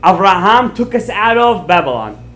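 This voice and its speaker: A man teaching a Torah class as a rabbi, telling a story with lively acted-out quotes, mixing in Hebrew terms and checking words with his listeners. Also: high-pitched, moderate pace. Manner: animated storyteller, acts out quoted lines, checks words with the audience; mixes in Hebrew and Aramaic terms.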